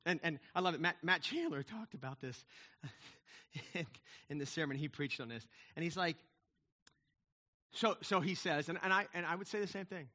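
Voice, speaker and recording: A man's voice: fairly high pitch, expressive, normal speed, sharp tone. A man in his fifties, a pastor giving a chatty, digressive sermon with frequent asides to the congregation. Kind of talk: conversational sermon.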